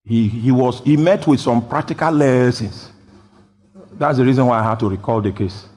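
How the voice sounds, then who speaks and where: A man preaching a sermon, jumping from loud shouted quotations down to quiet, low explanation. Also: moderate pace. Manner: bursts into loud shouted quotes, then drops low. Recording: long hall reverb.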